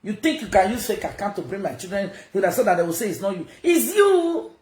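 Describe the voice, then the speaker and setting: A woman's voice: medium pitch, expressive, fast talker, roomy sound. A woman with a Nigerian accent, ranting confrontationally to viewers on a livestream and slipping into Pidgin. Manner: loud, confrontational, mixes in Pidgin. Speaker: social media personality. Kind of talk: livestream rant.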